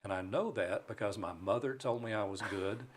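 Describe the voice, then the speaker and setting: Guest spot: man from Alabama, lowish voice, animated self-mocking storyteller in a studio. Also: normal speed, a little hiss or hum. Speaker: broadcaster guest. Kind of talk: storytelling in a talk show interview. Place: radio studio.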